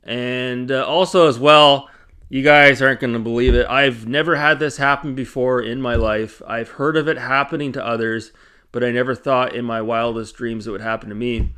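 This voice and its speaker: A Canadian man hosts his own YouTube channel, chatting casually from his home games room. His mid-range voice is clear and resonant at a normal speed, and he tells an animated story full of rambling asides and fillers.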